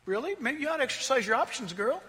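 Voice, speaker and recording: A man's voice: extremely high pitch, animated, fast talker, big-room sound, noisy background, voice pushed up. A man voicing Satan speaking through a sly serpent, talking in a casual, coaxing, slangy way. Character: sly tempting serpent voiced by Satan, male.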